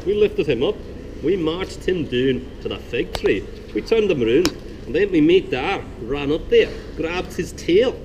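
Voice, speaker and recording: A man voicing a cheeky male court jester in a soft Scottish accent, telling his story loudly and boastfully, out in a noisy street. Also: high-pitched, pitched above the performer's own voice. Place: outdoors in old city streets. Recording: outdoor street noise, passing traffic.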